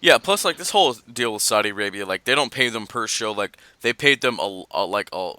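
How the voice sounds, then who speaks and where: A man co-hosting a casual wrestling podcast, reading fan mail and rambling through his opinions in an animated way. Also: on the low side, brisk, no echo. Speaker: podcast co-host.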